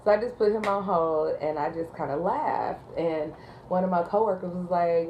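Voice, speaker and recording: A woman with a low voice tells a story from her job as a 911 dispatcher in a relaxed, chatty vlog. She talks loosely, filling her pauses with ums and likes, with a faint hum of noise behind her. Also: highs cut off. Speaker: 911 call taker and dispatcher.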